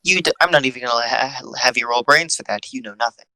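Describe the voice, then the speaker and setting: Bright-voiced playful game master, man. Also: mid-range voice, fast talker, dry recording. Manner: playful, laughs often. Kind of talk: narrating a tabletop game.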